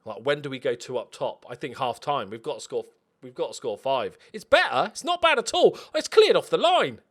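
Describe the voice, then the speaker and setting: Excitable man with lively swings. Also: medium pitch, a little fast. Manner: excitable, sarcastic, self-mocking. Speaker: let's play host. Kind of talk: gaming commentary.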